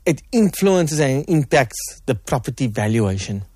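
A man's voice: mid-range voice, very animated, a little slow, a little mellow, husky, dry recording, studio quality. A man talking as a guest on a radio show, conversational and joking, full of fillers and restarts. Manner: conversational, lots of fillers and repeats, jokey. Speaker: guest on property market. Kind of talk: radio interview. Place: radio studio. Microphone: studio microphone.

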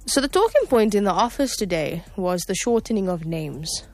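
A woman's voice: medium pitch, very animated, moderate pace, a little mellow. A South African woman hosting a radio show in a studio, cheerful and chatty, laughing now and then. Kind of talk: casual radio chat.

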